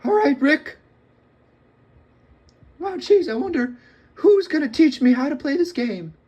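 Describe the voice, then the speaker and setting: A man voicing a nervous, eager teenage boy from a cartoon, high and stammering. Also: a little slow. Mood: anxious. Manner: stammering, high-pitched and excitable. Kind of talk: comedic cartoon impression.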